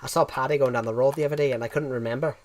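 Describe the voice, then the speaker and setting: A man putting on an Irish accent, voicing a forgetful local man who rambles quickly about his errands. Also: medium pitch, fairly even intonation, slight background noise, close to an everyday voice. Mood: chatty. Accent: put-on Irish.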